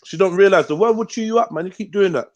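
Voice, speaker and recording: A man's voice: high-pitched, fast, dry recording, muffled recording. A man hosting a casual live-stream panel, talking in loose, slangy banter. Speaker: host.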